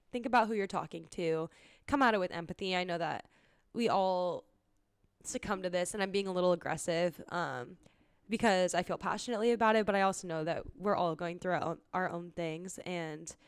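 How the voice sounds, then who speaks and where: Smooth-voiced young woman podcast host. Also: fairly low pitch, no room sound, clean studio sound. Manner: casual, earnest, laughs often. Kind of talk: solo podcast talk.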